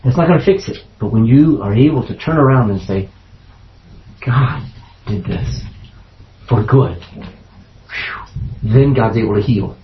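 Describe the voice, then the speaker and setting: A man's voice: medium pitch, normal speed, pauses often. A man teaching a Bible study, reading scripture aloud and acting out the characters with laughs. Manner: animated, acts out scripture voices with laughs. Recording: dull lo-fi room recording.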